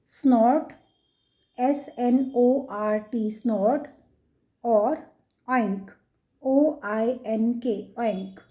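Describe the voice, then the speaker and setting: A woman's voice: on the high side, extremely slow, pauses often, warm tone. A woman with an Indian English accent hosting a children's lesson, naming animal sounds and spelling each word out letter by letter. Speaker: kids' channel host.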